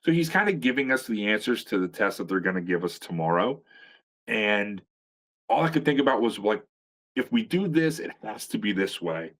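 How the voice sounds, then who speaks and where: A man's voice: on the low side, very animated, normal speed, fairly bright tone. Profane, rambling middle-aged man. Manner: profane, rambling storyteller with frequent restarts; sarcastic humor. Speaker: guest, veteran pro wrestler. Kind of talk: casual storytelling chat.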